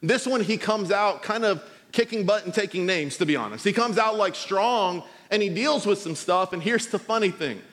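A man with a high-pitched voice preaches to his congregation. His talk is loose and conversational, and he slips easily into funny stories. The sound carries the long reverb of a church hall. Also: fairly bright tone. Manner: conversational, storytelling with humor. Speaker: pastor. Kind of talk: sermon.

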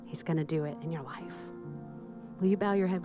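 Woman pastor preaching, lowish voice, candid, pokes fun at herself, faint music under it. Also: fairly quick, long pauses. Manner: candid and self-deprecating, laughs at herself. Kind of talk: sermon.

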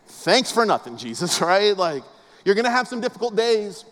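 Brief: male pastor, high voice, chatty jokey delivery, long hall reverb. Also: sing-song, moderate pace, fairly bright tone. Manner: casual, joking storyteller with a preaching cadence. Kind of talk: humorous conversational sermon.

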